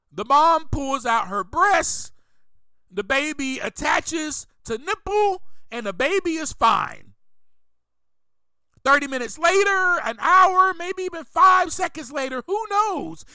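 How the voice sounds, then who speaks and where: Animated high-voiced man preaching recovery. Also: unhurried, no room sound. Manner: emphatic, repeats key phrases, preacher-like. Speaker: podcast host. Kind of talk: motivational recovery podcast monologue.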